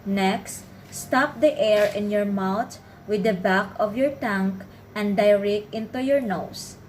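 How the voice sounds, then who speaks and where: A woman, narrating a pronunciation lesson in a careful, clearly enunciated way. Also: medium pitch, slow pace, darkish tone, a little hiss or hum, low-quality recording. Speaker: pronunciation teacher. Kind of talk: scripted instructional narration.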